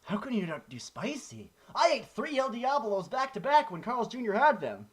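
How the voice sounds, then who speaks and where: Man, casual podcast co-host, rambling animated storyteller, lively pitch swings. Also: normal speed, slightly rough. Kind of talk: casual chat.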